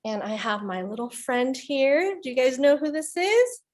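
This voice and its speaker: A woman's voice: sits high, sing-song, normal speed, darkish tone. A young woman, a youth librarian, hosting a virtual children's story time in an upbeat manner, speaking to young kids over a computer mic.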